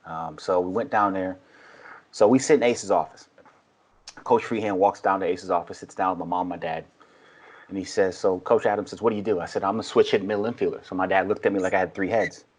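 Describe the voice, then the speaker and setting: Husky, low-voiced man telling stories. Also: fairly quick. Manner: animated storyteller, acts out quotes. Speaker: podcast guest, baseball coach. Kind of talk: casual storytelling.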